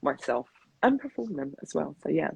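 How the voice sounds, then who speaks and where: A man from the UK chatting casually and reciting his spoken-word poetry over a video call, relaxed and rhythmic. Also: a little high, moderate pace, gravelly, breathy edge, no room sound, poor audio. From United Kingdom. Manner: relaxed, laughs easily, rhythmic when reciting. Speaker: poet and guest.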